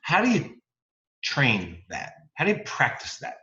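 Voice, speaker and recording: A man hosting a podcast interview, asking probing questions in an animated way and playing devil's advocate. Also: medium pitch, measured pace, echoey room, highs cut off. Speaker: podcast host.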